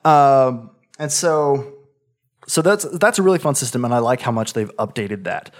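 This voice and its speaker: A man talks through a video game in a loose, rambling way, full of restarts and filler words. He sounds eager and keeps circling back to correct himself. His voice sits at an ordinary middle pitch. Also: lively intonation, normal speed. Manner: rambling, self-correcting, enthusiastic. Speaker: gamer describing a game. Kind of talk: casual chat.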